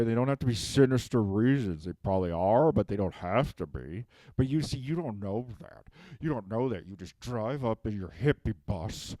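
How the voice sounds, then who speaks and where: A man's voice: lowish voice, mellow, no echo, natural voice. A man playing a whiny unmasked villain. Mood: sulky, brooding. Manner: whiny, rambling, keeps tagging "okay?". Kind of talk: comedic self-tape monologue.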